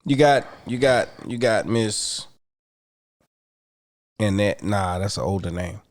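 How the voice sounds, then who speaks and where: A man's voice: on the low side, takes it slowly. A man co-hosting a podcast in casual chat, blunt, crude and argumentative. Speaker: podcast co-host.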